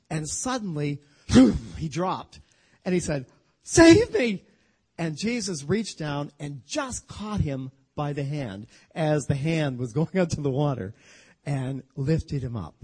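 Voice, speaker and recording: Animated husky male Bible teacher. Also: fairly high pitch, takes it slowly. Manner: animated, humorous storytelling with acted-out quotes. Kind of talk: storytelling sermon.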